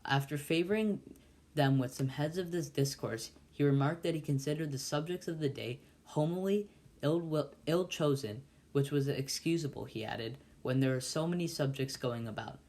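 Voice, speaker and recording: A man reading a classic novel aloud as a volunteer, halting and often stumbling and restarting words. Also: on the high side, darkish tone. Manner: halting, with frequent slips and restarts. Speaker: volunteer reader.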